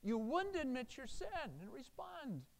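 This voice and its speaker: A man preacher voicing God on Judgment Day in a quiet, solemn way. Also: very high-pitched, very animated, unhurried, vocal fry, voice pushed up, full character voice, low-quality recording.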